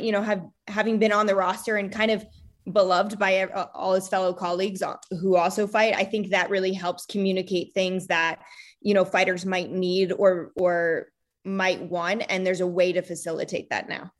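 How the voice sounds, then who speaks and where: Chatty woman, middle pitch. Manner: chatty, many fillers, acts out quoted lines. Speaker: guest, wife of a retired fighter. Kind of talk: casual interview talk.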